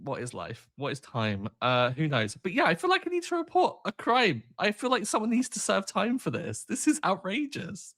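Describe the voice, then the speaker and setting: A man co-hosting a podcast, chatting casually about a film with animated, exaggerated outrage and rambling asides. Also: sits high, moderate pace, hardly any pauses. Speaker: podcast co-host.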